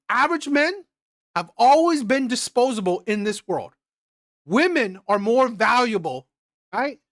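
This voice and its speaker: A man's voice: very high voice, fairly bright tone, no echo, clean studio sound. A man giving blunt reaction commentary, repeating his points and tagging them with "right?", with some swearing. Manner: emphatic, repetitive, swearing, frequent "right?". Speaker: streamer reacting to a clip. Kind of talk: opinionated commentary.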